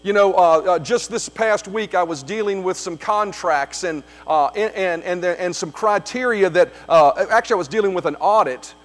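A man's voice: high-pitched, moderate pace, few pauses. A man preaching a sermon as pastor, emphatic, repeating key phrases, with frequent fillers.

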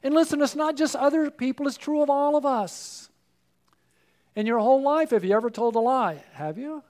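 A man's voice: very high-pitched, normal speed, darkish tone. A man preaching a sermon, earnest and personal, often putting questions to his listeners.

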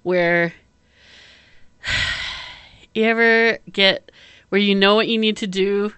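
A woman's voice: medium pitch, steady tone, slow pace, pushed and bright, clear, resonant tone, dry recording. A woman chatting casually as a podcast co-host, rambling with lots of fillers and frequent laughs. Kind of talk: casual chat.

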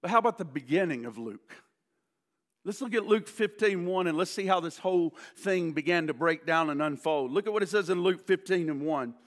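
A man with a very high, bright and forceful voice delivers a sermon as a pastor. He climbs to loud, punchy repeated lists, then sinks into quiet, slow appeals, stumbling over and repeating words as he goes. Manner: builds to emphatic repeated lists, drops to soft slow appeals; repeats and restarts words when stirred.

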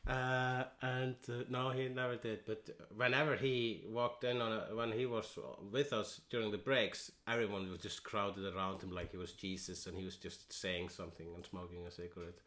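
A man, a comedian co-hosting a podcast, talking in a halting, hesitant way with frequent restarts. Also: fairly low pitch, flat delivery, a bit bright, echoey room. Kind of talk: casual chat.

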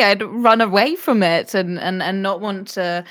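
A woman's voice: mid-range voice, measured pace, fairly bright tone. A woman co-hosting in a studio panel, thoughtful, with stumbling restarts. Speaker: podcast co-host.

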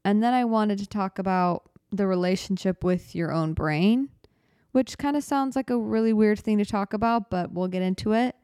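A woman's voice: medium pitch, warm tone, clear, resonant tone, no echo, studio quality. Rambling young woman on a podcast. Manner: rambling, self-deprecating, talks fast and runs out of breath. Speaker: podcast host. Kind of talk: casual solo podcast chat. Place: small studio apartment. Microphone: studio microphone.

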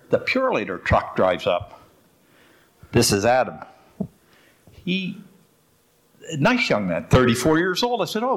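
A man's voice: medium pitch, a bit bright. An older man, short of breath, telling a rambling testimony in church that keeps breaking into laughter. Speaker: church member sharing a testimony.

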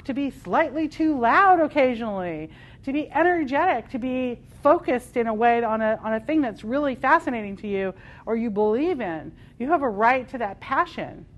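A woman leading a live spiritual workshop, passionate and emphatic, swinging between loud declarations and quieter asides. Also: high voice. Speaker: workshop leader. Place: workshop room with a live audience.

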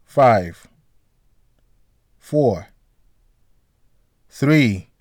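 A man's voice: mid-range voice, animated, extremely slow, darkish tone, no room sound, clean studio sound. A man voicing a matter-of-fact veteran doctor.

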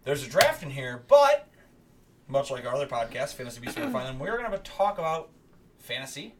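A man's voice: medium pitch, sing-song, brisk, slight background noise. A man hosting a casual podcast, joking around playfully with his co-hosts. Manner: joking, playful, breaks into laughs. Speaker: podcast host.

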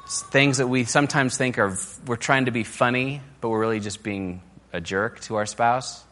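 A man's voice: medium pitch, steady tone, moderate pace, fairly bright tone. A man giving a casual, conversational sermon on marriage, full of fillers and restarts, sometimes mimicking quoted criticism in a raised, mocking voice. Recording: long hall reverb.

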